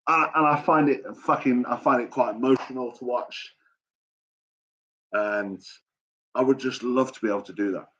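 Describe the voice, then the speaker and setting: A man chats on a live stream, blunt and sweary, rambling from one story to the next. His voice is husky, at an ordinary middle pitch. The lo-fi stream audio sounds dull and muffled. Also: a bit bright. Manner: sweary, rambling and blunt, talking straight to chat. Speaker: live chat host. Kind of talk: casual live-stream chat.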